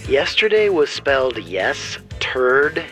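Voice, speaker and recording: A man's voice: mid-range voice, big pitch swings, slow pace, over music. A man co-hosting a radio show, making wry, dry asides.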